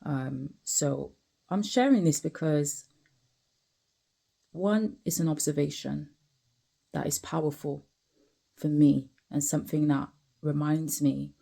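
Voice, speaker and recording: A woman speaks in a low, dark, gravelly voice. She is tired and talks candidly, with lots of asides to the listener and repeated phrases. She is sitting outside while she vlogs. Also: fairly even intonation, slow, pauses often. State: tired, yawning. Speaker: vlogger. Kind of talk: reflective personal vlog.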